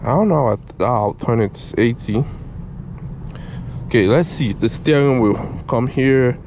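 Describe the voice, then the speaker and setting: A young man giving casual, excitable driving commentary from inside a moving car, repeating himself and calling out "bro", recorded on a GoPro camera. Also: medium pitch, a little slow. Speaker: car reviewer. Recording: road and engine noise in car.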